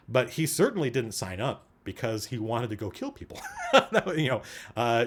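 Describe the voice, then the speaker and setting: A man hosting a livestream, chatting casually and digressively as he answers questions from chat. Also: medium pitch. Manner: animated, digressive, thinking aloud.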